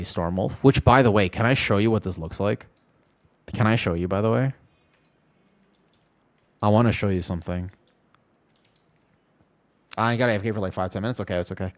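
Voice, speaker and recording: A man streaming a game live, chatting casually and animatedly with his viewers, with keyboard typing behind him. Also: on the low side. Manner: chatty, animated, talks to chat by name. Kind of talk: casual live-stream chat while gaming.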